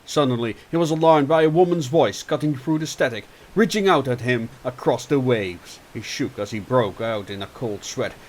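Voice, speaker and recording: A man narrating a fiction audiobook with dramatic swings from loud to hushed. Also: mid-range voice, normal speed, hardly any pauses. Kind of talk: audiobook narration with character voices.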